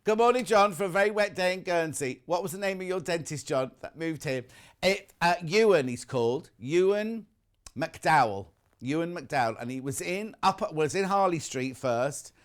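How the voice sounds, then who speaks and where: A male TV shopping presenter chats live in a studio, reading out viewer messages and making jokes at his own expense. His voice is on the high side and animated, at a moderate pace.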